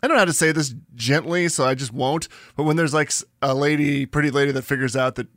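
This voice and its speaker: A man's voice: medium pitch, fairly even intonation, fast, a bit bright, no echo, studio quality. A man co-hosting a podcast in casual chat, rambling and giggling, often trailing off mid-thought. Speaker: podcast co-host.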